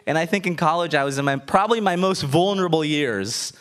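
A man in his thirties, a stand-up comedian, talking in an animated, self-mocking way with frequent laughter. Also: a little high, fairly quick. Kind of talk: stand-up set, then interview.

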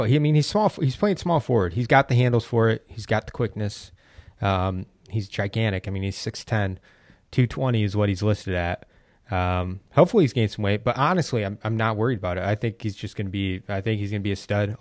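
Eager low-voiced podcast man. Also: no room sound, studio quality. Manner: enthusiastic, stumbling restarts. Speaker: fantasy basketball analyst. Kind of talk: casual podcast discussion.

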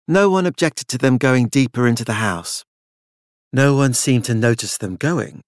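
A man narrating a dark gothic story in a measured, even storytelling voice. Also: mid-range voice, no room sound, studio quality. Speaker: audiobook narrator.

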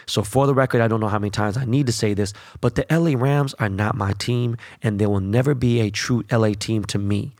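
A young man hosting a sports podcast, ranting bluntly with constant profanity in a casual, animated way. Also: on the low side, brisk, hardly any pauses, no echo, clean studio sound. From Los Angeles. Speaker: podcast host.

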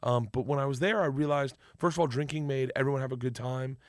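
A man's voice: mid-range voice, steady tone, fast, dry recording, studio quality. A man telling stories in a casual chat, rambling, cutting himself off, and swearing freely. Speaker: guest. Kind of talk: casual storytelling in a podcast chat.

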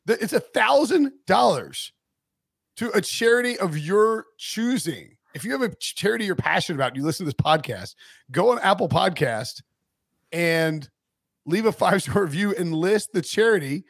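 A man with a fairly high voice co-hosts a sports podcast, chatty and laughing easily as he trips over his words. The sound is dry and close, with no room echo. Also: lively intonation, normal speed, gravelly. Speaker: podcast co-host. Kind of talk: casual sports podcast chat.

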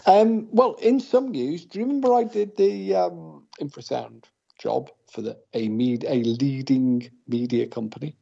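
A man with a gravelly, husky voice and a dark, mellow tone, explaining things patiently over a muffled, lo-fi remote call. He rambles and restarts as he thinks aloud. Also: a little high, a little slow. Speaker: co-host, paranormal investigator. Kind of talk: casual podcast chat.

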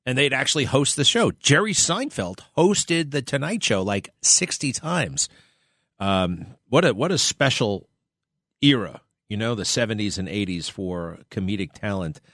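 A man's voice: medium pitch, a bit bright, no echo. A male podcast host giving a rambling, chatty monologue with asides, recorded close on a studio mic. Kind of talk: casual monologue.

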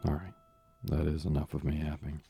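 A man hosting a sleep podcast, reading a classic novel aloud in a slow, calm, hushed bedtime voice. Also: very deep voice, gravelly, soft background music. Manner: slow, calm, hushed delivery meant to lull listeners to sleep. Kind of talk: soothing bedtime story reading.

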